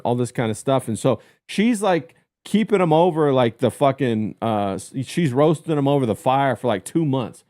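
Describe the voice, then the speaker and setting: A man hosts a casual podcast, recounting gossip in a crude, rambling rant. His voice sits at an ordinary middle pitch for a man. He keeps the story going with loose fillers and asides. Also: normal speed, warm tone, dry recording, clean studio sound. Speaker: podcast host.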